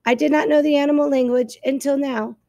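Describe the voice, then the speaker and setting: A woman voicing a newly awakened female robot in a storybook, speaking in a flat, measured, polite way. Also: high voice, dry recording, clean studio sound, voice pushed up. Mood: calm.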